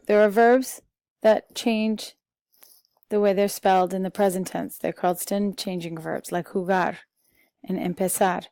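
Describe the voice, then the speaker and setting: Slow, patient woman teaching Spanish. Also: mid-range voice, steady tone, dark tone, dry recording. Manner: slow, patient, talks through vocabulary lists with fillers. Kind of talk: recorded classroom lesson.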